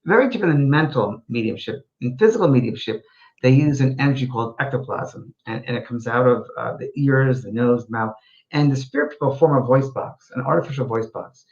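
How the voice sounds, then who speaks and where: A man's voice: mid-range voice, fairly quick, highs cut off. A man, a spiritual medium, hosting a casual talk show, telling stories animatedly with frequent restarts. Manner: animated storyteller with many restarts.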